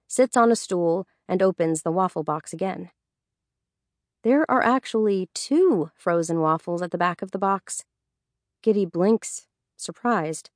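A woman narrates a story with a steady, even delivery. Her voice is fairly low for a woman. The recording is dry and close, with no room sound. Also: dry recording. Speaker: audiobook narrator. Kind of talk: scripted narration.

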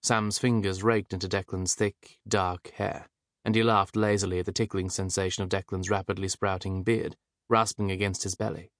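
A male audiobook narrator with a fairly low voice, reading in a measured, even way. The sound is dry and close, with no room around it. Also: no room sound.

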